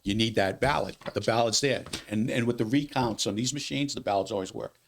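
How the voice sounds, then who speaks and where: Brief: man, elections official, rapid gravelly delivery, animated, repeats himself, studio interview. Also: lowish voice, slight background noise. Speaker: city elections director. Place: local TV studio.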